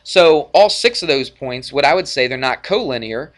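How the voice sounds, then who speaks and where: Bright-voiced man teaching a classroom math lesson. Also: mid-range voice, moderate pace. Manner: energetic, jokey, asks frequent check-in questions. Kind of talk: classroom lecture.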